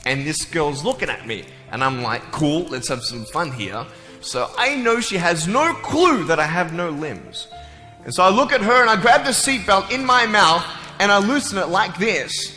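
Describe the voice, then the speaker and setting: Playful high-voiced man joking in a hall. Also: sing-song, normal speed, sharp tone. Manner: playful, jokey, chatty with the crowd. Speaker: motivational speaker. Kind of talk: humorous motivational talk to a live audience. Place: large hall with audience. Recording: echoey hall with faint music.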